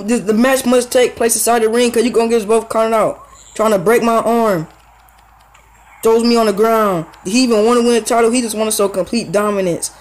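A young gaming YouTuber with a very high voice talks fairly quickly through his own wrestling video game match. The poorly recorded commentary is slangy, excitable, and full of fillers.

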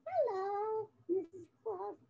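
A woman voicing a small, silly, eager male mouse puppet, using a high squeaky puppet voice with goofy animal noises. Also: lively intonation, slow pace, gravelly, warm tone, slight background noise, exaggerated voice. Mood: playful. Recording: dull, muffled audio.

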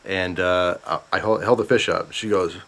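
Guy with a lowish voice doing a storytime vlog, rambly and excited, lots of little asides. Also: normal speed, vocal fry. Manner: rambling, animated retelling with asides. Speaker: vlogger. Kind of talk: casual storytime.

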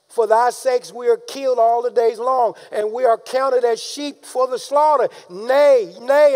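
A man preaching a sermon, calling out to the congregation and rising into shouted emphasis. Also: very high voice. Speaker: pastor.

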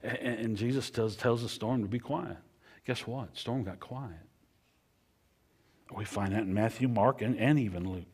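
A man delivers a sermon in a husky, slightly low voice. He leans on repetition, building phrases up loudly and then letting them fall to a near hush. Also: moderate pace. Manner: preacher cadence, repetitive, swings from loud to hushed. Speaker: pastor.

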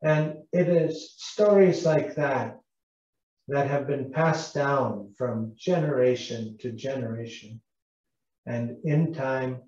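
A man from British Columbia leads a storytelling lesson, speaking slowly and gently and asking his young listeners questions. His voice is mellow and relaxed. The sound is echoey, distant and a little dull. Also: mid-range voice. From British Columbia, Canada. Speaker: Indigenous cultural interpreter.

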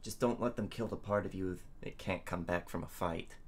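Understated tough-guy merc with a low voice, played by a man at the table. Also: normal speed. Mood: dry.

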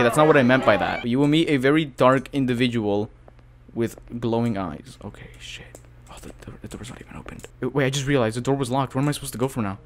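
A man's voice: medium pitch, slight background noise. A man giving horror gameplay commentary as a YouTuber, jumpy and panicky, gasping, swearing and laughing nervously. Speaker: gaming YouTuber.

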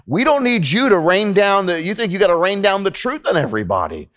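In a church sanctuary, a pastor preaches to his congregation in a high, sing-song, fairly bright voice, speaking a little fast. He talks earnestly and conversationally, often repeating himself.

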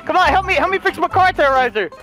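An excitable man with a high, lively voice, chatting and laughing through an online game session. He yells callouts and jokes with friends, and loud game music plays behind him. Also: rapid-fire. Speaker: gamer. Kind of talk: casual game chat.

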